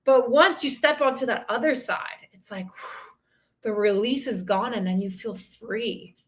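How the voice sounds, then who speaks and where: A woman's voice: on the high side, unhurried, a little hiss or hum. A woman in her thirties, a fitness and mindset coach, talking alone on a podcast in a candid, emotional and encouraging way. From outside the country she lives in. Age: 30s. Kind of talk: solo podcast talk.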